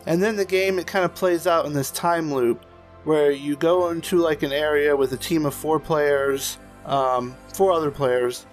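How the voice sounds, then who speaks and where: A man's voice: a little high, fairly even intonation, moderate pace, faint music behind. A man chatting on a podcast in a loose, rambling way, full of fillers and casual swearing. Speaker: podcast co-host. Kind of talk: casual chat.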